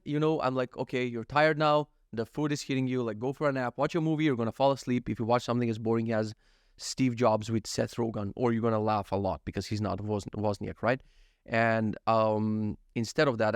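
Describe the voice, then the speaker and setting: A man's voice: medium pitch, no echo, clean studio sound. A man in his thirties casually telling a story about his day, swearing freely and acting out his own thoughts and what others said. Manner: animated, profane, acts out his own thoughts and quotes. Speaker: vlogger.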